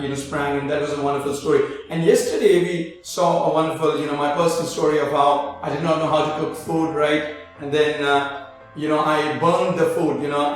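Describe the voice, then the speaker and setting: High-voiced man giving an echoey spiritual talk. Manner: repeats phrases, many "you know" fillers, grows animated. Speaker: spiritual teacher, show host. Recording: very echoey, distant mic, faint music.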